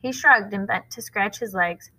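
A woman reading a novel aloud at a school, expressive and pausing to explain the story to listeners. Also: medium pitch, low-quality recording.

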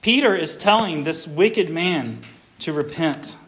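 Emphatic preacher, fairly high voice. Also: male voice, lively intonation, slow, a little hiss or hum. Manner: emphatic preaching, swinging from loud to quiet. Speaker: pastor. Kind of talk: sermon.

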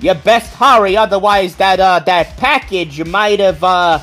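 A man's voice: high-pitched, measured pace, a bit bright, soft background music, pitched above the performer's own voice. A man voicing a chatty, shifty male street food vendor who rambles in slang and stumbles over his words.

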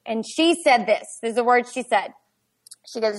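A woman, telling a family story in a chatty, animated podcast conversation. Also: fairly high pitch, brisk. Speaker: podcast guest. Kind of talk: casual storytelling chat.

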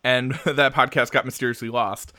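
A man from Jersey City co-hosts a casual podcast in a bright, lively tone. He jokes, swears freely and laughs often. The recording is dry and close, with no room sound. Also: mid-range voice, moderate pace, dry recording. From Jersey City, USA. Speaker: podcast co-host.

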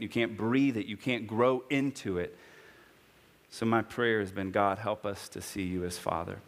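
Earnest preaching man, lowish voice. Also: long reverb tail. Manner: earnest, builds to impassioned high-pitched preaching. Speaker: pastor. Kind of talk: sermon.

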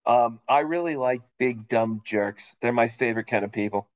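A man's voice: mid-range voice, normal speed, lo-fi sound. A man co-hosting a podcast, chatting casually and telling rambling, joking stories. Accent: Boston. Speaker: podcast co-host. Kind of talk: casual chat.

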